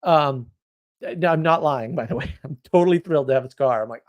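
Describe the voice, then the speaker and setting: A man's voice: a little high, muffled recording. Rambling, opinionated man on a livestream. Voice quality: rambling, opinionated, quick shifts in loudness. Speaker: livestream host. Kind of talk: casual livestream chat reading viewer comments.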